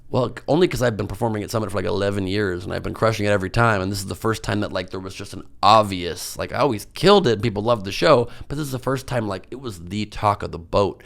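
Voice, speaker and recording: A comedian guesting on a podcast tells stories in a rambling, self-mocking style loaded with fillers. His voice is on the low side with vocal fry, and he talks fast with few pauses.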